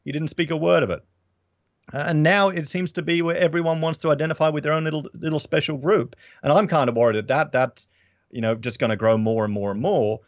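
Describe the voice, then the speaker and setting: A man's voice: a little high, fairly even intonation, fast, no echo, lo-fi sound. A man with an Australian accent, a guest in a casual political chat, giving long, earnest opinions.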